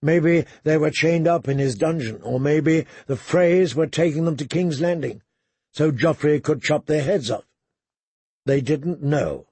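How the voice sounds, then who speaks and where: A man narrating a story in a steady, measured reading, close to the mic. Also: fairly high pitch, slightly rough, no echo. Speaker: audiobook narrator. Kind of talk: scripted narration.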